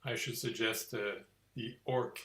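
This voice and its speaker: A man performing in an improv comedy scene, offering dry, halting suggestions. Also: mid-range voice, steady tone, a bit bright, a little hiss or hum.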